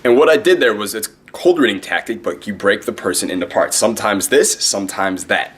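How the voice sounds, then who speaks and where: A man's voice: on the low side, slightly rough. A young man giving dating advice in a brash, cocky, profane way, speaking straight to the camera. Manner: brash, profane, fast-talking; cocky, self-promoting. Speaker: dating coach. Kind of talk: direct-to-camera advice vlog.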